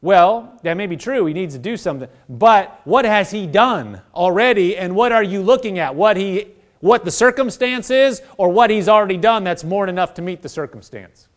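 High-pitched guy preaching a sermon, earnest, acts out little prayers as he goes. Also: animated, moderate pace.

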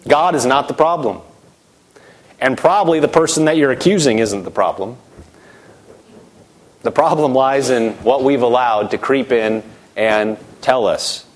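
A man's voice: mid-range voice, unhurried, long pauses. A middle-aged man preaching a sermon, emphatic, his voice rising and dropping sharply as he acts out quoted voices.

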